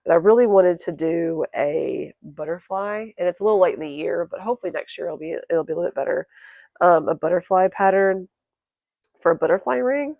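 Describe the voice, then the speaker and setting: Croaky, gravelly woman crochet vlogger. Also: lowish voice, darkish tone, no room sound, lo-fi sound. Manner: chatty, self-correcting, talks fast. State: croaky, clearing throat. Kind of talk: casual chat to camera.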